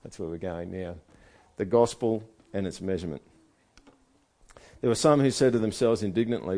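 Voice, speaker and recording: A man's voice: deep voice, expressive, normal speed, long pauses, warm tone. A man preaching a sermon in a conversational way, asking his listeners one rhetorical question after another. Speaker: pastor.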